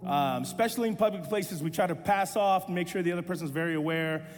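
Guy pastor telling a story in a sermon, kinda high voice, big hall echo, music under it. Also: quick pace. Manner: storytelling, animated and self-deprecating humor.

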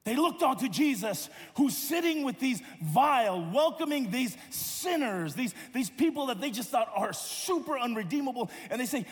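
A man preaching a sermon in a church, with dynamic delivery that swings from loud emphasis to hushed, low passages. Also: animated, moderate pace, hardly any pauses. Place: church sanctuary. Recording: long hall reverb.

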